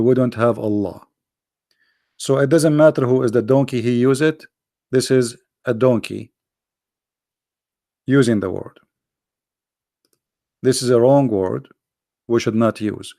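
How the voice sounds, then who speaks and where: Guy hosting a stream, blunt and scornful, gravelly voice, dry close mic. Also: mid-range voice, darkish tone, no echo. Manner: blunt, scornful, repeats himself. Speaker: livestream host. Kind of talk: combative religious talk.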